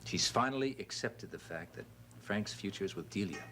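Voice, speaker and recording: An actor playing an earnest widower in a TV soap opera, speaking in a heartfelt, reflective way. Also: male voice, lowish voice, animated, normal speed, bright, forceful tone, a little hiss or hum.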